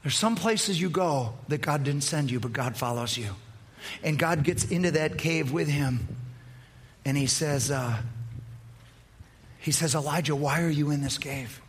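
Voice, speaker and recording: A pastor preaching a sermon, telling the story emphatically with repetition. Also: male voice, a little high, expressive, measured pace, long pauses, a little hiss or hum.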